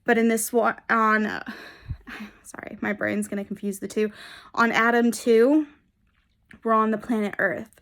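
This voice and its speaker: A woman's voice: a little high, level tone, a little slow, pauses often, a bit bright. Gushing young woman book vlogger. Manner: gushing and enthusiastic, rambling with restarts. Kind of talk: casual reading vlog chat.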